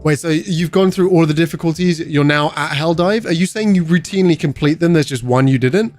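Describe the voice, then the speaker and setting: A man's voice: a little high, brisk, a little mellow, no echo, soft background music. A young British man chatting casually on a game livestream, joking and answering chat as he goes. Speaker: streamer.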